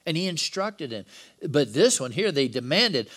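A man's voice: a little high, moderate pace. A man preaching a Bible-study sermon in a conversational way, dropping joking asides between the scripture passages. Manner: reads scripture dialogue with lively emphasis.

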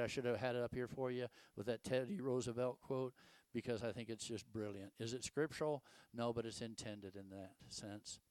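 A man's voice: medium pitch, darkish tone, dry recording. An older man, preaching a casual, folksy sermon full of rhetorical questions and stories. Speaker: pastor.

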